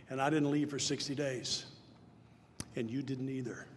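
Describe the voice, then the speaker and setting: An older man from Tennessee telling his recovery story to a gathered audience, earnest and plain-spoken, swelling into loud emphatic lines. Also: mid-range voice. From Nashville, Tennessee. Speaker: speaker at a recovery meeting. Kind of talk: personal testimony talk. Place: large hall before an audience. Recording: live hall with long reverb, faint noise.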